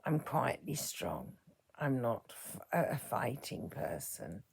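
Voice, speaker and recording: A woman in her fifties speaking a personal reflection as a vlogger, soft-spoken and halting, her words often trailing into a whisper. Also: extremely low pitch, very animated, gravelly, a little hiss or hum. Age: 50s.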